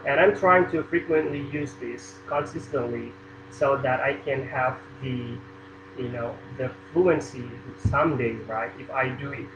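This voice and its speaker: A young man from Indonesia with an Indonesian accent, a university student chatting casually on a video call, halting and full of fillers and restarts. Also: medium pitch. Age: young adult. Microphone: computer or phone mic on a video call. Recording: roomy, dull sound with air conditioning hum.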